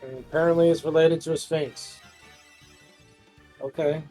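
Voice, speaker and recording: A man's voice: a little high, steady tone, unhurried, mellow, faint music behind. A man explaining game lore in a nerdy way during casual gaming chat.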